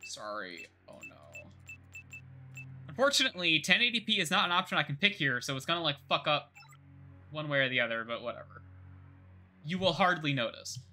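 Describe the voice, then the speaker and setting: A young man live-streaming a game, chatting loosely to himself with a very bright, sharp tone and a slightly higher voice. He rambles and curses freely when the settings frustrate him, while faint music plays behind. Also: big pitch swings, brisk, long pauses. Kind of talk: casual live gameplay commentary.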